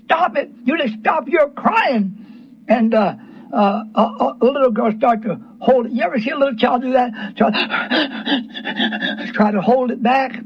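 A middle-aged male radio preacher speaks in a high, breathy, husky voice. His delivery is earnest and halting, full of restarts and repeated words. The sound is dull and lo-fi, like an old radio broadcast. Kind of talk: sermon.

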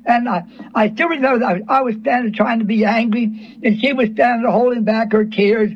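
A middle-aged male radio preacher speaks in a high, breathy, husky voice. His delivery is earnest and halting, full of restarts and repeated words. The sound is dull and lo-fi, like an old radio broadcast. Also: steady tone. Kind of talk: sermon.

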